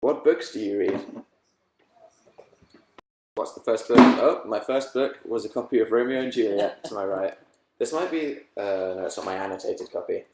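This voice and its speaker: A young man with an English accent talks casually on a home livestream, his voice sitting a little low. The room is echoey, with a faint hiss underneath. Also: animated, moderate pace, long pauses. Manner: chatty, bursts of laughter, reads comments aloud. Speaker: livestream host. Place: bedroom at home.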